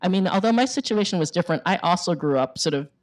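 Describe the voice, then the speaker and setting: At a bookstore event space, a middle-aged woman author gives a chatty talk to the audience, full of fillers and emphatic repetition. Her voice is lowish and animated, and she talks fast.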